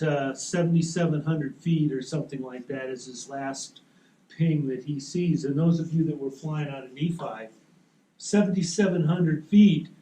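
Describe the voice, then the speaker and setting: A man's voice: fairly high pitch, mellow, a little hiss or hum. Easygoing man presenting in an echoey room. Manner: easygoing, explains with rules of thumb. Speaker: seminar presenter. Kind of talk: relaxed technical talk. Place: meeting room at a soaring club.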